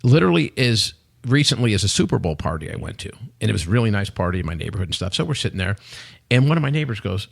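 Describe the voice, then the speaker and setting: A man, a guest on a podcast, telling animated anecdotes and acting out what people said in a casual chat. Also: on the low side, racing, gravelly, husky. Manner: animated anecdotes with acted-out quotes. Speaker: guest, company executive. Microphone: podcast studio mic.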